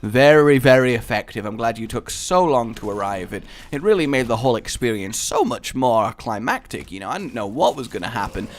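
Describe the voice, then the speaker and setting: Animated excitable male game commentator. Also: brisk, few pauses. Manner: excitable, jokey, bursts into loud high exclamations. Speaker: gaming video host. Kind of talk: let's play commentary.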